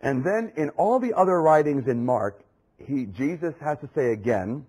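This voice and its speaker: A man's voice: on the high side, expressive, moderate pace, a little mellow, husky, low-quality recording. A man preaching a sermon with impassioned, emphatic repetition.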